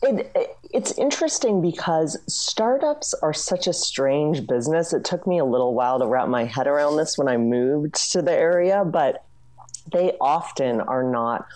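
A woman journalist with a strikingly low voice lays out her points briskly, often reaching for "you know" and "I mean". Her tone is dark and mellow. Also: expressive. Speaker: author and journalist. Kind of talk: interview guest explaining.

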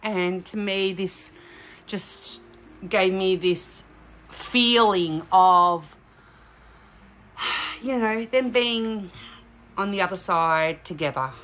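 This diamond painting channel host is an Australian woman whose mid-range voice has a fairly bright tone. She speaks extremely slowly with frequent pauses, talking directly to viewers in a chatty unboxing vlog about a craft kit.

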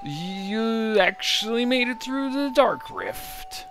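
A man's voice: sits high, sing-song, slow, fairly bright tone, faint music behind, pitched above the performer's own voice, exaggerated voice. A man voicing a drunken old male sailor with a slurred voice while reading a video game's dialogue aloud. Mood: boozy, wistful.

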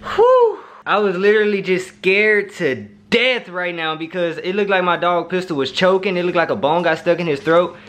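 A man vlogging casually from his home kitchen, chatty and animated as he talks straight to viewers. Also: high-pitched, moderate pace, hardly any pauses.

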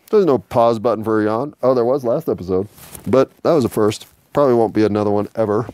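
A man's voice: lowish voice, fast talker, darkish tone, no room sound. A man hosting a solo podcast, rambling, swearing freely and joking at his own expense. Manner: rambling, profane and self-mocking. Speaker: podcast host.

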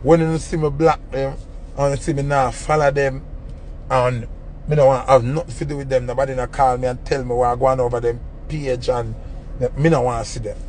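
A young man with a Jamaican accent, ranting in an animated, mocking way on a casual phone livestream. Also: medium pitch, fairly quick, a little hiss or hum. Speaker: entertainer on a livestream.

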